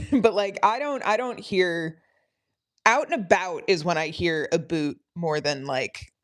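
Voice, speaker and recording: A woman's voice: fairly low pitch, measured pace. A woman chatting casually on a live study stream, rambling with frequent ums and laughing often. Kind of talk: casual livestream chat.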